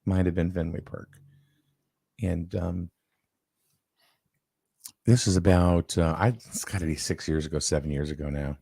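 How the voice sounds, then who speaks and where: A man's voice: deep voice, steady tone, unhurried, creaky, long pauses, warm tone, breathy edge, no room sound. A man hosting a casual chat, telling a long story with lots of fillers and restarts. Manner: rambling, with many fillers and restarts.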